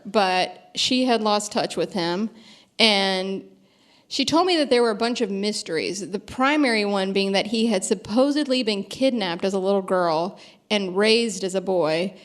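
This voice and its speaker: A woman's voice: mid-range voice, lively intonation, normal speed. A woman from the American South in her thirties, a guest author telling stories on stage with a self-deprecating manner, laughing often and restarting her sentences. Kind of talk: storytelling interview on stage.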